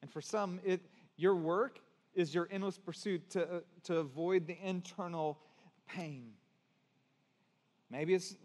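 A man preaching a sermon as pastor, earnest, moving between hushed and emphatic passages. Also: sits high, big-room sound.

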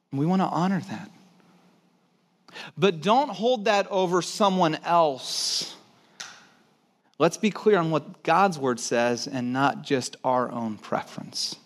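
A male pastor preaching a sermon to a congregation in a church room, conversational and emphatic, hammering points with repetition. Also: sits high.

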